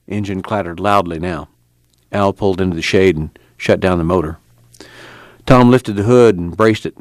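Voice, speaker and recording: A man reading a novel aloud in steady, measured narration. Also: sits low, no room sound. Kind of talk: audiobook narration.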